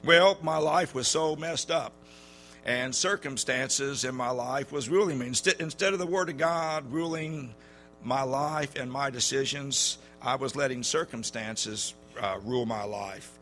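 A man preaching a sermon in a church, telling stories in a folksy way with many halting fillers. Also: mid-range voice, bright, forceful tone, soft background music.

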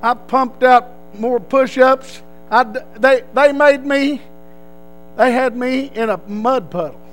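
A man's voice: extremely high pitch, slow pace, rough recording. A man from Texas with a Texan accent, telling a personal story in a rambling way with frequent restarts. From Texas, USA.

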